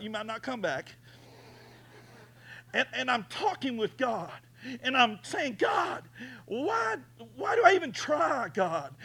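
A man preaching a sermon as pastor, swinging from quiet storytelling to shouted, tearful prayer. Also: fairly high pitch.

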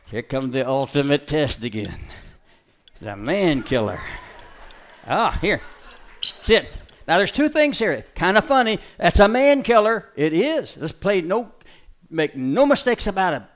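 Man shouting dog commands. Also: a little high, lively intonation, moderate pace. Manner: shouts dog commands in bursts, then drops to a soft, preachy tone; jokey crowd banter. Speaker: dog trainer and show presenter. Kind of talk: live dog-training show with preachy asides.

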